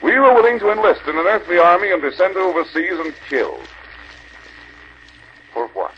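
Older male preacher, fervent exhortation, lively pitch, muffled archival tape. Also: normal speed. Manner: earnest exhorting, rhetorical questions. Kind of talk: convention sermon. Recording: dull archival recording with faint hiss.

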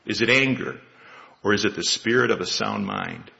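A man in his sixties delivers a sermon in a gravelly, bright, somewhat forceful voice. He paces his points carefully and builds them through rhetorical questions. The recording is slightly dull and lo-fi. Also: on the low side, very animated, moderate pace. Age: 60s. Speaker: lay preacher.

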